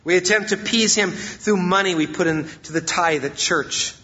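A man's voice: high-pitched, normal speed, pushed and bright, highs cut off. A male pastor preaching a sermon, emphatic and repeating his key phrases.

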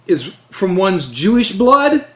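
A man preaching a sermon, earnest and emphatic, slowing down to stress key phrases. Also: sits high, very animated, fairly bright tone. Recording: roomy echo.

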